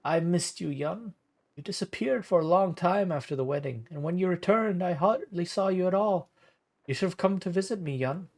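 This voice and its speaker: A man's voice: high voice, moderate pace, voice pushed up. A man voicing a pleading young mother. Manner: pleading, soft. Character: worried young woman, distressed mother.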